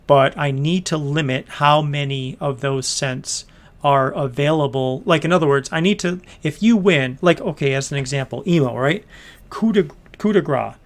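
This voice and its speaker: A man's voice: on the high side, a bit bright. A man hosting a casual livestream for his small business, rambling through his plans with many fillers and restarts and reading out viewer comments.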